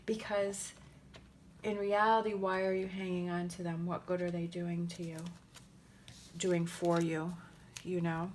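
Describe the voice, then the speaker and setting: A woman giving a casual tarot reading in a gentle, rambling and emotional way, with many pauses and fillers. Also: on the low side, a little hiss or hum. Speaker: tarot reader.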